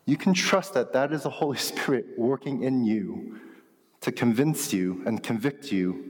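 A pastor delivering a relaxed, animated sermon, talking with his church like a friend. His voice sits in an ordinary middle range. A long reverb hangs on every phrase, as in a large hall. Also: medium pitch, a little slow. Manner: conversational, animated teaching with asides.

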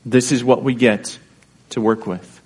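A man's voice: mid-range voice, steady tone, measured pace, a little mellow, husky. A man pastor preaching a sermon in an earnest, conversational way, often checking in with his listeners through rhetorical questions.

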